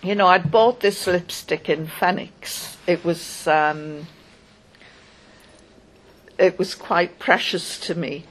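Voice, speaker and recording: Slow, halting woman telling a story. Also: on the low side, fairly even intonation, poor audio. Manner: halting, wry storytelling with pauses. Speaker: interviewee recounting an experience. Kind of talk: first-person spoken account.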